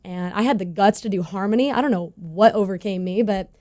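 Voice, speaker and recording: A bubbly California woman in her twenties, a country singer, chats casually as a radio guest, laughing often and acting out quoted voices. Her mid-range voice is mellow and brisk.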